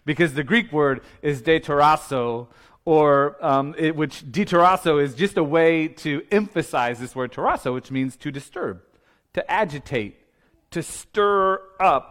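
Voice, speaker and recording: A male pastor delivering a Sunday sermon, with a voice pitched a little above the usual for a man. He keeps it loose and conversational, cracking jokes and chuckling as he goes. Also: a bit bright. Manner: conversational and playful, laughing often.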